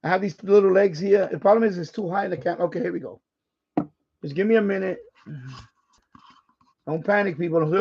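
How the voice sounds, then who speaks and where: This ham radio streamer has a high, slightly mellow voice and a quick pace broken by long pauses, with a little background noise. He works his gear during a casual demonstration, rambling and restarting his sentences. Audio is dull and lo-fi.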